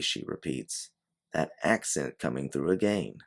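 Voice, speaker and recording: A man reading a story aloud in measured, scripted narration. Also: rumbling low, expressive, vocal fry. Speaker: audiobook narrator. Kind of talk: scripted second-person narration.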